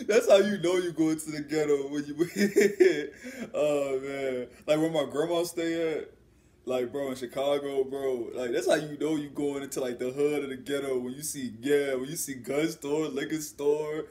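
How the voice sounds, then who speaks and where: A man's voice: fairly high pitch, steady tone, moderate pace, a little mellow. Laid-back male reaction host. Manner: laid-back, peppered with "man" and "bro". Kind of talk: casual reaction commentary.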